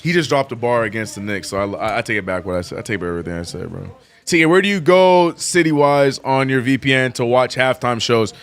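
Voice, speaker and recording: A man hosting a live sports watch-along, chatting casually and excitably with lots of slang and repeated "bro". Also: medium pitch, fairly quick, clean tone, soft background music. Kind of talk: casual live-stream chat.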